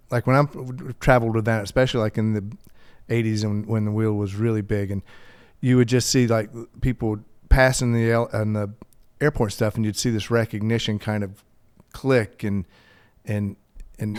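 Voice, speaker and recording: A man hosting a podcast, asking questions in a halting way, often restarting his sentences. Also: medium pitch, darkish tone, smooth. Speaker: podcast host. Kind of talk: interviewing.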